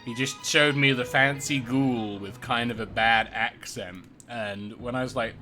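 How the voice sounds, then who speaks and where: A man's voice: mid-range voice, fairly even intonation, measured pace, few pauses, pushed and bright. A young British man chatting casually as he streams a game, laughing between comments. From Britain. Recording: clear game music behind.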